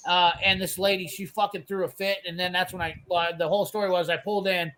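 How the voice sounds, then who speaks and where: Blunt, high-voiced swearing man. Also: level tone, fast, pushed and bright, a little hiss or hum, rough recording. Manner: profane, blunt, heated ranting. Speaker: host telling a work story. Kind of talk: casual storytelling chat.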